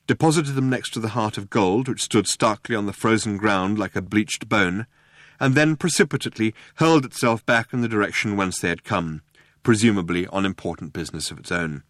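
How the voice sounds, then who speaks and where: Male audiobook narrator, low voice, dry and close. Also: normal speed, a bit bright, no room sound. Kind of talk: scripted narration.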